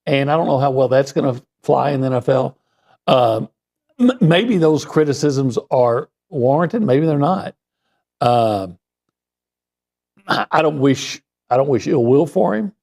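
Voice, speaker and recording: A man speaking as a sports columnist guest, giving measured opinions with pauses and fillers. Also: medium pitch, animated, vocal fry, a little mellow. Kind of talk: casual sports talk.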